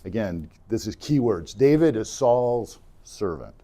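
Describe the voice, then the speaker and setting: A man's voice: on the low side, unhurried. A man teaching an adult church class, retelling stories casually and acting out the characters' lines. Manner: animated storytelling, acting out characters' lines with fillers.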